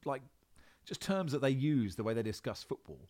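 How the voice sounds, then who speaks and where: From his home in Australia, a football presenter with a mid-range voice chats at normal speed in a relaxed interview. He rambles with animation, restarting sentences often and using plenty of fillers.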